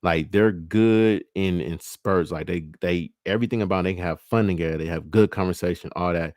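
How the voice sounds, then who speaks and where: Deep-voiced casual man. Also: a little mellow, dry recording, clean studio sound. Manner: loose, profane, acts out both partners in quick quoted bits. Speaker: livestream host. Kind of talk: casual monologue on relationships.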